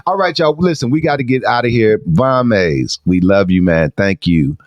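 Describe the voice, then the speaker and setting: Male talk host, low pitch, emphatic and preachy, close dry mic. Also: expressive, normal speed, no echo, muffled recording. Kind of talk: casual interview chat.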